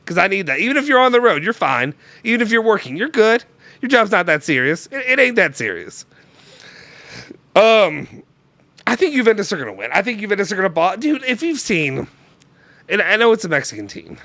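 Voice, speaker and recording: A man's voice: high-pitched, big pitch swings, brisk, bright, forceful tone, dry recording. A young man hosting a casual live-streamed chat, loose and joking, rambling with restarts into a close mic. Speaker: show host.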